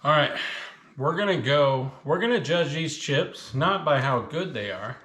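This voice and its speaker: A man's voice: fairly high pitch, expressive, a little slow, fairly bright tone, roomy sound. A man casually reviewing spicy chips on his vlog, chatting with his mouth full while the heat burns. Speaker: food reviewer.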